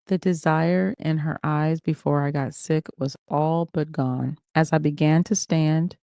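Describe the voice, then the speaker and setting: Mellow livestream reader narrating a memoir. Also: mid-range voice, steady tone, measured pace, creaky, hardly any pauses, smooth, no echo, studio quality. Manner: first-person narration with asides to listeners. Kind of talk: reading a memoir aloud.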